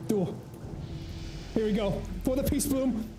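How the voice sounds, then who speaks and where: A man's voice: very high voice, slow, over music. A man from the American South with a Southern accent, chatting casually and jokingly to his chat while livestreaming a game. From United States. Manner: joking, rambling, talks to chat. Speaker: streamer.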